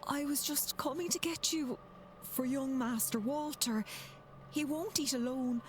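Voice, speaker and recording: A slow-spoken, deferential servant woman. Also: sits high, a little hiss or hum. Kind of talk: game voice acting.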